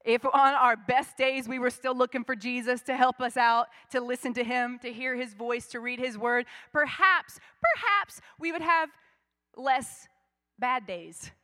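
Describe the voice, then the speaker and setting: High-voiced woman preaching a sermon. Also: unhurried, sharp tone. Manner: conversational preaching, rising to fervent emphasis. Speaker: pastor. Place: church.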